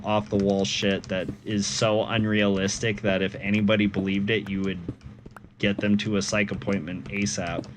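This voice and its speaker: A young man rambles to his stream chat while gaming, amused and profane, breaking into laughs at his own tangents. His voice sits on the low side, with a faint hum of room ambience behind him.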